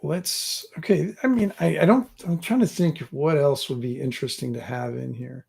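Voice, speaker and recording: A man's voice: on the high side, normal speed, gravelly, darkish tone, slightly rough. A man hosting a live stream about writing a tabletop adventure, thinking aloud in a rambling way and joking with his viewers. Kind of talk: casual live-stream chat. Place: home room with gear and books behind him.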